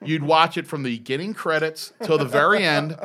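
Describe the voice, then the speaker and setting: A man in his fifties tells a story in a casual podcast chat, excitable and full of swearing. His voice sits a little high and comes across bright and forceful. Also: brisk. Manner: excitable, profane, animated storyteller. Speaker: former BMX rider telling a story.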